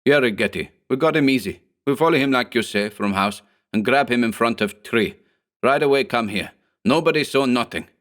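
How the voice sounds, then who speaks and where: A man's voice: mid-range voice, fairly quick, fairly bright tone, pitched above the performer's own voice, natural voice. A man voicing a burly, superstitious immigrant thug who speaks broken English, in a horror audiobook. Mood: boastful. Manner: broken English, whining and pleading. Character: burly hog-necked male immigrant thug, superstitious, fearful.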